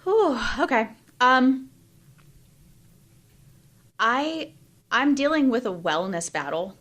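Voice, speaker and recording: A woman in her thirties, a life and business coach, talking openly and emotionally in an interview, with quick bursts of speech and many fillers. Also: high voice, lively intonation, a bit bright. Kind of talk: candid interview conversation.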